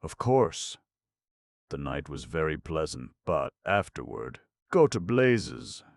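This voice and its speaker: A man's voice: very deep voice, animated, moderate pace, gravelly, no room sound, heavily acted. A man voicing an embarrassed, exasperated young man who grumbles back defiantly. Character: sulky, exasperated young nephew.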